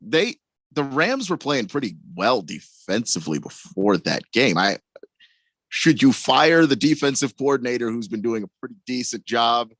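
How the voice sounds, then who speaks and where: A man's voice: mid-range voice, very animated, moderate pace, a bit bright, dry recording. A man co-hosting a sports radio show, talking casually and analytically about players.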